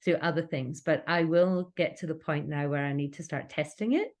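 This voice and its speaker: A woman's voice: sits low, moderate pace, darkish tone. A Scottish woman talking earnestly as a podcast guest about running her business, with frequent restarts. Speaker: cake kit business owner, podcast guest. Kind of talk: casual interview chat.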